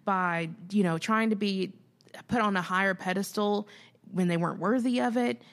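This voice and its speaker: A woman with a Southern American accent co-hosting a casual Bible study talk. She searches for her words and speaks directly to listeners. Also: mid-range voice. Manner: slow, searching for words, warm-hearted asides to listeners. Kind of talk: casual faith discussion.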